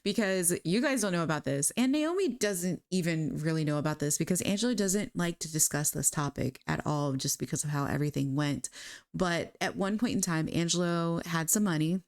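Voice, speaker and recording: A woman narrating a story as she plays a life-sim game, in a chatty, animated way with frequent fillers. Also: lowish voice, normal speed. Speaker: gaming creator.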